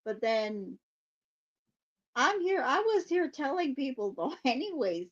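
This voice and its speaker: Slow-talking woman host, lo-fi sound. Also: sits high, big pitch swings. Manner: laughs often, chatty and swears casually. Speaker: psychic podcast host. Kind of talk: casual livestream chat.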